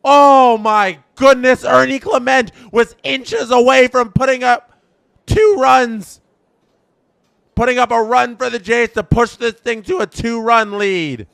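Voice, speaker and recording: A man streaming a live fan reaction, calling the action in an announcer style and swinging between emotional shouts and stunned murmurs. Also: very high voice, steady tone, slow, gravelly, smooth, dry recording, studio quality. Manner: announcer-style play-by-play call.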